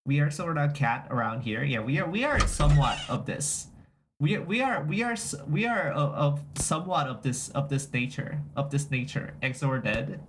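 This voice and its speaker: A man's voice: on the high side, sing-song, moderate pace, a little hiss or hum. A young man streaming, chatting casually, reacting to chat and repeating and restarting his phrases as he goes. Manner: reacts to chat messages aloud.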